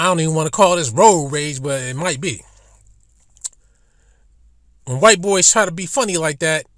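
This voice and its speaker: Guy w/ ranting, cussing nonstop, highish voice, dry sound. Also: dry recording. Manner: swears heavily, swings between low muttering and loud outbursts, laughs while talking. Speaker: YouTube commentator. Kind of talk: profane storytelling rant.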